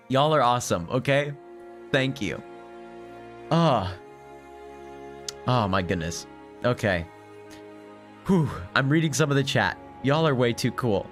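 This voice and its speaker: A man's voice: mid-range voice, animated, takes it slowly, long pauses, fairly bright tone. Earnest young man streaming, faint music. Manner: emotional, earnest, laughing and choking up. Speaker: teacher streaming a game. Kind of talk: casual live-stream chat.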